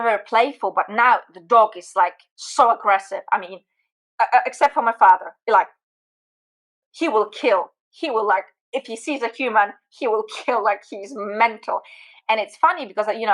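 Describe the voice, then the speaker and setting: A woman being interviewed as a guest, telling stories in an animated, chatty way. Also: mid-range voice, normal speed, rough recording. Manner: animated storyteller, lots of fillers and restarts. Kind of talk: casual interview chat.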